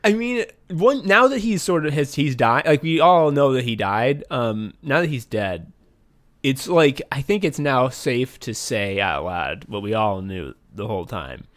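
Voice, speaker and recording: A male co-host on a comedy podcast, chatting casually with his friend. His voice sits in a mid range with a mock-earnest manner, easing between hushed asides and livelier riffs. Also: mid-range voice, animated, unhurried, dry recording.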